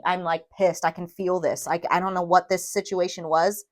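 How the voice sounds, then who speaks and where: A woman giving a tarot reading to viewers, emphatic and emotional, often checking in with a quick "okay?". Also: fairly low pitch, flat delivery. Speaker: tarot reader.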